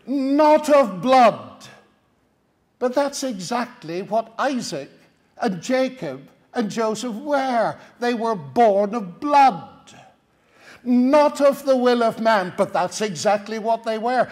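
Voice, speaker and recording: Irish guy teaching the bible, slow and deliberate, fairly high voice, keeps asking "isn't it?". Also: animated, darkish tone. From Ireland. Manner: engaging, with rhetorical tag questions.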